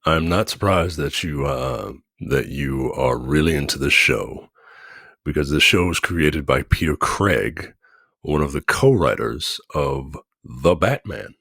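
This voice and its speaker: A man co-hosting a podcast, making a calm aside in casual chat. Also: a bass voice, a little slow, gravelly, husky, no echo, studio quality. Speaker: podcast co-host.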